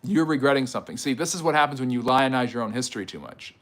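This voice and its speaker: A man hosting a livestream history lecture, answering chat questions in a conversational way with fillers and quick rebuttals. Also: mid-range voice, expressive.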